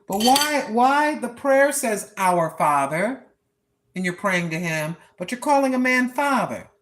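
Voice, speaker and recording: A woman's voice: on the high side, animated, unhurried, a little hiss or hum. An older woman talking casually and preachily while live-streaming on a walk, recorded on her phone. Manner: chatty, preachy, talks to herself. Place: outdoors on a walk.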